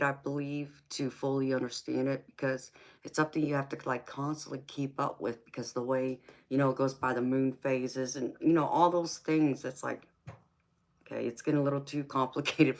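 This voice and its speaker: A middle-aged tarot reader from California hosts a livestream in a bass voice and a Southern accent. She chats, reads viewer comments, calls people honey and sweetheart, and laughs often.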